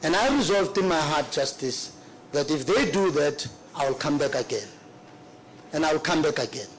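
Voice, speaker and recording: A middle-aged man giving formal testimony at a hearing, earnest and remorseful, halting and repeating himself. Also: on the high side, lively intonation, rough recording. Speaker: witness at a public hearing.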